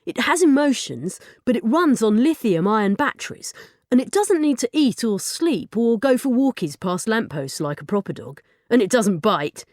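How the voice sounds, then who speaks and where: A woman's voice: a little high, big pitch swings, a little mellow, no echo, studio quality, pitched above the performer's own voice. Woman doing an eager know-it-all schoolboy. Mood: explaining. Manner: explains things keenly, quick and earnest.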